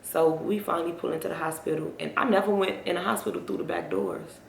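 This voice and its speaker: Speaking quickly with big swings in her fairly low, vocal-fried voice, a young woman vlogs about something personal, rambling and addressing her audience directly. The room echoes, and there's slight background noise.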